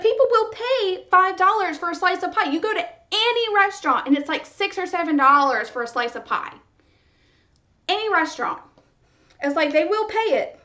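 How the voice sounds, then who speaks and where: A young woman hosting a podcast vents in a casual monologue, her voice extremely high and fairly bright. Frustrated, she rants, swears freely, and says "like" constantly.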